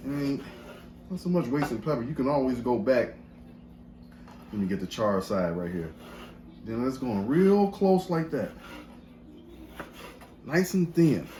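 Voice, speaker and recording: A man's voice: mid-range voice, dark tone, slight background noise. A man hosting a casual cooking demonstration in a kitchen, folksy and chatty, talking straight to his viewers. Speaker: cooking show host.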